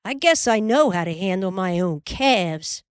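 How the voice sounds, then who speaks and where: A woman voicing a bossy farm boy who boasts and shouts commands at his calves, in a storybook reading. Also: medium pitch, lively intonation, unhurried, clean tone, no room sound, clean studio sound, natural voice.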